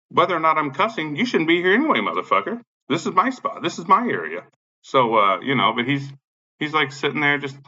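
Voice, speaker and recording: A man's voice: medium pitch, bright, forceful tone. A man in an angry, profane rant, agitated, repeating himself and swearing constantly. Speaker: vlogger. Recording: dull lo-fi sound.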